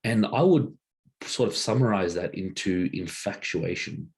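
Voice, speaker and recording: A man's voice: low voice, a little slow, a little mellow, slightly rough. A man giving a casual teaching talk as a workshop presenter, loose and conversational, with many rhetorical checks, drawing a diagram as he explains.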